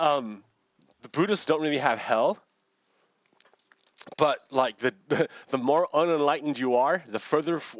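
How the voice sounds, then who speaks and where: A man, a gaming video host, telling a story in a rambling, halting way with many restarts. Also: mid-range voice, fairly bright tone, dry recording. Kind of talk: casual storytelling while playing a game. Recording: dull lo-fi dry recording.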